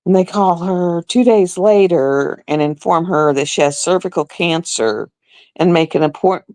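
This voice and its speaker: A woman's voice: low-pitched, a little mellow, no room sound. A woman, telling a story on a live stream. She sounds indignant, repeats herself, and acts out other people in a raised voice.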